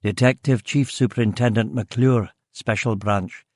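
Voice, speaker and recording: A man's voice: mid-range voice, fairly even intonation, measured pace, darkish tone, no echo, studio quality, close to an everyday voice. A man voicing a grizzled, blunt detective chief of about fifty, with a faint Scottish accent. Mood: gruff, weary. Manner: blunt, gruff, swearing.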